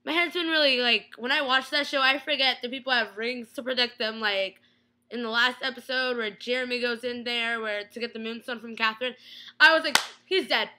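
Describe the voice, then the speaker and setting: Excitable young woman gushing in a vlog. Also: on the high side, fairly quick, slight background noise. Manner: gushing, breathless, lots of "like" and restarts. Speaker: vlogger reviewing a TV episode. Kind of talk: excited casual vlog rant.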